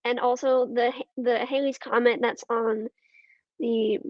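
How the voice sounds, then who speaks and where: A woman with a high voice talks casually as a podcast guest, pausing often with ums and letting her thoughts trail off. The sound is dry and a little dull and lo-fi. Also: flat delivery, no echo. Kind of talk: casual conversation.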